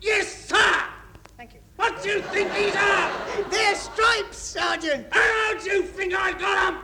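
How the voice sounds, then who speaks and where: A man's voice: very high-pitched, slow, raised voice, over a noisy crowd, heavily acted. A man playing a drill sergeant who barks orders, in a 1960s radio comedy with a studio audience and hiss. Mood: bellowing. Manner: barking orders. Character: bellowing army drill sergeant.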